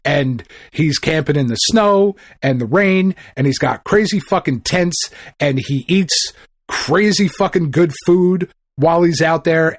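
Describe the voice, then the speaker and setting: A middle-aged man co-hosting a podcast, chatting casually in an excitable, rambling, profane way. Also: fairly high pitch, breathy edge, dry recording, clean studio sound. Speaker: podcast co-host. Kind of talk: casual chat.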